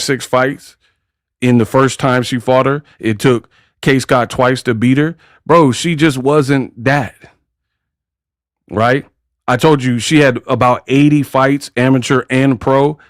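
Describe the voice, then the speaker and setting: A man's voice: medium pitch, dry recording, studio quality. A man hosting a casual boxing commentary vlog, talking in brash, slangy trash talk. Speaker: boxing commentary channel host.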